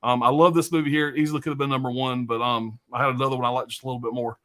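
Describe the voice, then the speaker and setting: Fast-talking, profane man hosting a stream. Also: mid-range voice, level tone, pushed and bright. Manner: loose, profane and rambling, with many fillers. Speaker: live stream host. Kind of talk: casual chat about films.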